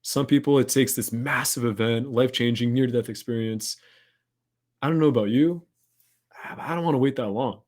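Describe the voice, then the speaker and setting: A man's voice: medium pitch, moderate pace, darkish tone. Earnest man giving self-help coaching. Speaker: podcast host. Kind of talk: motivational self-help monologue.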